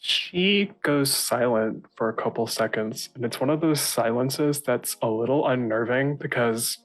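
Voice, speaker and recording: A man narrating as game master of a tabletop game, in relaxed, chatty talk. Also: medium pitch, unhurried. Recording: faint music behind.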